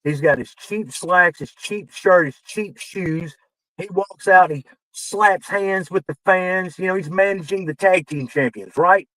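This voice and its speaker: A man, a wrestling veteran guest on a podcast, telling backstage stories in a casual, animated way, acting out quoted dialogue and swearing as he gets heated. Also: high voice, a little slow, no echo, poor audio. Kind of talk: casual storytelling.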